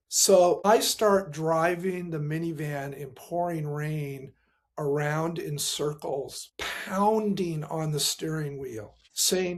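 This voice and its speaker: A middle-aged pastor who specializes in grief appears as a guest to tell a painful story from his own life. His voice is high and a little slow, and he earnestly acts out the dialogue, going soft at the hardest moments.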